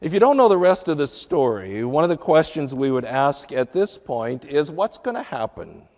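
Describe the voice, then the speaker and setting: A man's voice: fairly high pitch, moderate pace, in a large hall. A man preaching a sermon, teaching from the Bible and acting out the lines of the people in the story with feeling. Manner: expressive Bible teaching with acted-out dialogue. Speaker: pastor.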